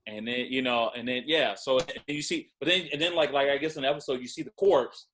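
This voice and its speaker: A man co-hosting a casual TV recap podcast, halting and restarting, often asking "you know what I mean". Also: mid-range voice, a bit bright. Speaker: podcast co-host.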